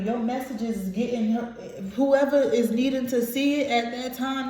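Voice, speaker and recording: A woman's voice: a little high, fairly even intonation, moderate pace, hardly any pauses, noisy background. Echoey, blunt, emotional woman tarot reader. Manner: emotional, blunt, swears freely. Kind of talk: casual tarot reading to viewers. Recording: very echoey room.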